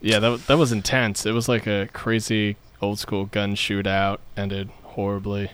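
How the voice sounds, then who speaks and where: A man co-hosting a casual podcast chat and reacting with lively jokes. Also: on the low side, a little slow, clean tone. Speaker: podcast co-host.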